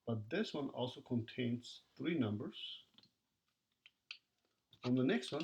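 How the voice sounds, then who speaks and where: A man explaining a math lesson in a recorded video, with a gravelly edge and a pitch in the middle range. He talks to his students as he works through each step and counts the numbers aloud. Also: slight background noise. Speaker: math teacher.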